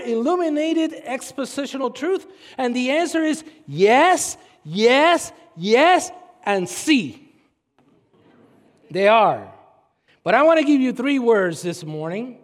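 A man preaching a sermon as pastor, animated, with sudden shouts and mocking put-on voices. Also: very high voice, takes it slowly, big-room sound.

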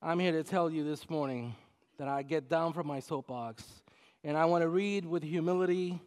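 A middle-aged man from Puerto Rico, a pastor preaching a sermon with humorous storytelling, swinging between loud and soft as he acts out quotes. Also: a little high, moderate pace, clean tone.

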